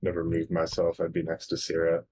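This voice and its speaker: Male player, deep voice, plain matter-of-fact delivery. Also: monotone, brisk, noisy background. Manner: matter-of-fact, asks rules questions. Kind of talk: casual game chat.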